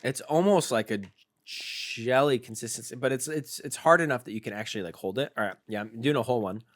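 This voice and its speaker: A man's voice: mid-range voice, a little fast. A man co-hosting a snack-tasting podcast, chatting casually, playful and teasing, often laughing. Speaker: podcast co-host.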